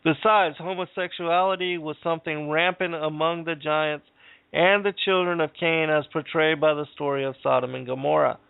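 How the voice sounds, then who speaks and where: Male host, measured reader-commentator, slightly high voice, dry tinny phone-line audio. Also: steady tone, creaky, smooth, dry recording. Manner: measured, reads passages aloud with pauses. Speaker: podcast host. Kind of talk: reading and commenting on scripture.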